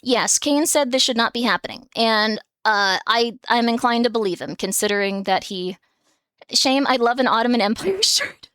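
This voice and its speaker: A woman streamer's slightly high, fairly bright voice sounds clear and resonant with no room sound as she chats at normal speed. At home with her cats, she rambles casually through her live stream, giggling and using plenty of fillers.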